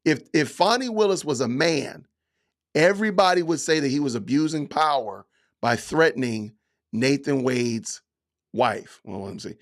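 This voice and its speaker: Hosting a livestream podcast, this man speaks in an expressive mid-range voice and calls out chat commenters by name. His replies are sarcastic and mock-offended, with drawn-out, emphatic delivery in a loose, chatty style.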